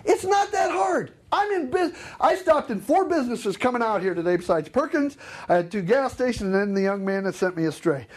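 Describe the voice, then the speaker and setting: Middle-aged male trainer, husky voice, very lively pitch, jokey seminar delivery. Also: a little fast. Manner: animated, joking, acts out customers. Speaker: customer service trainer. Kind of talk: live seminar presentation.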